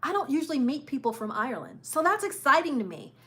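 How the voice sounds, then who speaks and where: Lady doing casual cruise news chat, kinda high voice, repeats herself a lot, laughs easy. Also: very animated, quick pace, fairly bright tone. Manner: chatty, repeats phrases for emphasis, laughs often. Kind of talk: casual live-stream commentary.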